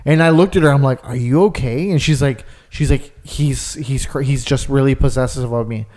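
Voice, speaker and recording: A man's voice: medium pitch, normal speed, a little mellow. A young man co-hosting a podcast, telling a long story in casual chat and leaning hard on fillers. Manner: rambling storyteller, lots of "like". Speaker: podcast co-host.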